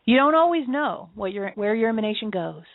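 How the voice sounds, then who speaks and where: Through thin, phone-like audio that is close and dry with no room sound, a woman co-hosting an internet radio show tells personal stories. Her voice is a little high, animated, and slightly fast, and her musing, easygoing chat is full of laughter.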